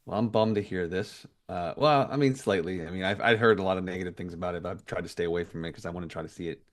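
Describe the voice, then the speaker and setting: Deep-voiced, hesitant podcast co-host. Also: male voice. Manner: hesitant, measured, with repeated words. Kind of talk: casual chat.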